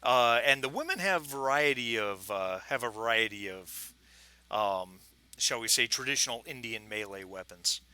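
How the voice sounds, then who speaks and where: A man runs a tabletop game as game master, describing scenes in a loose, chatty way full of fillers and restarts. His voice is very bright at a middle pitch. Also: animated, moderate pace, clean tone. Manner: chatty, frequent fillers and restarts, laughs often.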